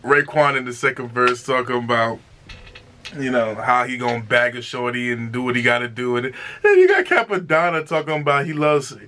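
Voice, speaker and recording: Bright, punchy male reviewer reacting with excitement, exclaims and repeats himself, mid-pitched. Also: moderate pace, slight background noise.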